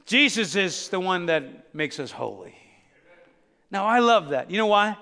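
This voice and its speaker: High-voiced preaching pastor, hall echo. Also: male voice, sing-song, measured pace, creaky. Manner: preaching with rising shouts and call-and-response. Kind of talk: sermon. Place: church sanctuary. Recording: long reverb of a church hall.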